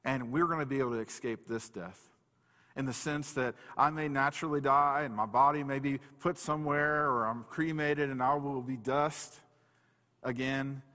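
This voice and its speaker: A man's voice: medium pitch, steady tone, pushed and bright. Man preaching in a reverberant hall. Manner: conversational preaching with restarts, reads scripture aloud slowly. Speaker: pastor. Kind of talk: sermon.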